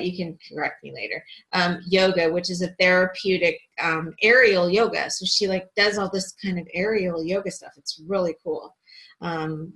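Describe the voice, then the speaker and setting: A woman hosts an online gathering in a loose, chatty manner. She pauses often and fills the gaps with little hesitations. Her voice sits a little low. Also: fairly bright tone, poor audio. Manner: chatty, hesitant, many fillers. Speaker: host. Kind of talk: casual online group chat.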